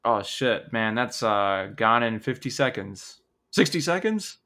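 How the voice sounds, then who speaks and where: A man co-hosting a casual podcast, guessing movie quotes in a relaxed way. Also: medium pitch, a little slow. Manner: laid-back, laughs often, swears casually. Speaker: podcast co-host.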